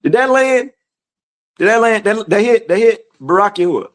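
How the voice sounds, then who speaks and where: Animated high-voiced man teaching scripture. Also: moderate pace. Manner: animated, talks to the audience, reads verses aloud. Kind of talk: casual Bible study teaching.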